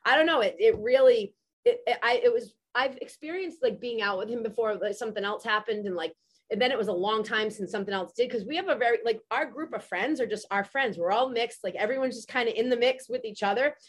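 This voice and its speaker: Woman, forties, podcast host, casual storytelling, cursing, lots of fillers, slightly high voice. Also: quick pace. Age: 40s. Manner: animated, profane, heavy use of "like" fillers.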